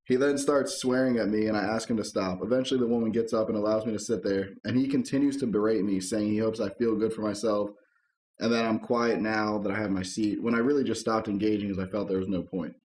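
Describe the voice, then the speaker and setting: Male co-host, low voice, casual and jokey, reads stories aloud; roomy echo. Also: fairly even intonation, fast, darkish tone. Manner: laid-back, chuckles often, swears casually. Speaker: podcast co-host reading online posts. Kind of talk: casual chat and reading posts aloud. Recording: echoey room.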